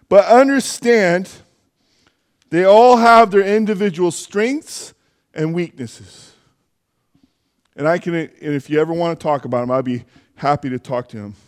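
A man with a high-pitched voice preaches a sermon in church. He keeps it conversational, with asides and self-corrections as he goes.

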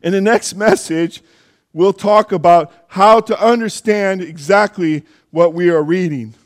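A man with a high-pitched voice preaches a sermon in church. He keeps it conversational, with asides and self-corrections as he goes. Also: unhurried.

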